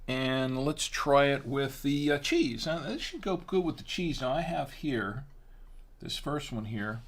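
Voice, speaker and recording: A middle-aged man hosting a wine tasting show, chatting casually and haltingly, sometimes talking while chewing. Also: mid-range voice, fairly bright tone.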